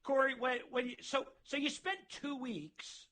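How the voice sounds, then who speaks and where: A man's voice: extremely high pitch, unhurried, sharp tone. A man hosting a radio show, chatting and ribbing an old friend with plenty of laughter. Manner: laughing, chummy, ribbing his guest. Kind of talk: casual radio interview.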